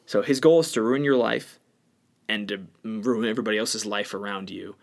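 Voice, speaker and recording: A man's voice: on the low side, normal speed, gravelly. A man co-hosting a podcast, talking bluntly and with strong opinions in a casual discussion. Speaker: podcast co-host.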